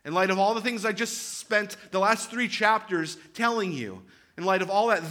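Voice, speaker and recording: A man in his thirties delivering a sermon in a fairly high, bright, forward voice. He preaches with earnest, emphatic conviction, slipping into relaxed conversational asides and often restarting or repeating phrases as he builds a point. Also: normal speed. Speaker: pastor.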